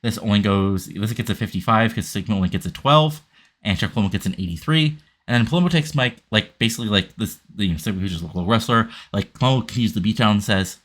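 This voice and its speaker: Low-voiced male narrator, casual, rambling game recap. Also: expressive, fast, a bit bright. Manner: rambling, many fillers. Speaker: game commentator. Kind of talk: casual let's-play narration.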